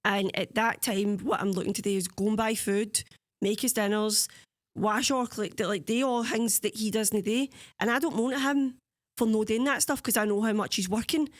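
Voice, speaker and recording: A Scottish woman co-hosting a podcast, telling stories in casual chat, animated and swearing freely. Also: mid-range voice, normal speed, dry recording, studio quality. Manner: animated storytelling, swears freely, imitates others. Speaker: podcast co-host.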